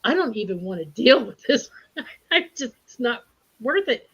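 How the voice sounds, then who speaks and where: A woman telling a story in a casual group talk, animated and laughing often as she acts out the voices of people in it. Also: fairly high pitch, moderate pace, creaky, husky. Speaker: spiritual group speaker. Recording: dull lo-fi livestream audio.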